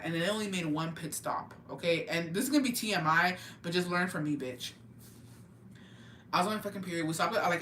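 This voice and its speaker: A woman's voice: on the low side, bright, forceful tone, a little hiss or hum. A woman telling a casual storytime vlog, blunt and heavy on swearing, dropping Spanish words into her talk. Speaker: vlogger. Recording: echoey room, mic at a distance.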